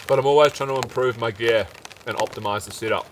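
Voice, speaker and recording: A man's voice: medium pitch, fast talker. A young man vlogging while camping, chatty and upbeat, talking while he eats. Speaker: outdoor vlogger. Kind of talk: casual camping vlog. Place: outdoors at a campsite under a shelter in rain. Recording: heavy rain noise outdoors. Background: steady rain and fire crackle.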